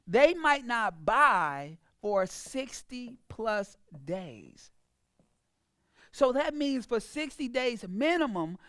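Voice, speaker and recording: Woman coach, high voice, emphatic and preachy, dry close sound. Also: dry recording. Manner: emphatic, preachy, acts out clients in a mocking voice. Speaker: business coach. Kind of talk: motivational sales talk.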